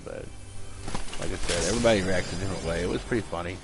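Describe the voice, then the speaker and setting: A man's voice: deep voice, quick pace, gravelly, background noise. A man chatting casually while playing a game at home, rambling with many fillers and restarts. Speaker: gaming streamer. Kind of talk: casual chat while gaming. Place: home room.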